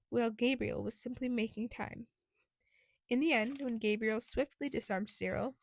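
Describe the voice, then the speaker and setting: A woman narrating an audiobook in a steady, clear reading voice. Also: fairly high pitch, no room sound.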